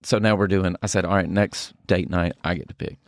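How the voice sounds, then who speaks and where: A man's voice: low voice, fairly even intonation, a little fast, no room sound, clean studio sound. A man co-hosting a podcast, chatting casually, joking and asking lots of curious questions. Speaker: podcast co-host. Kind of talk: casual chat.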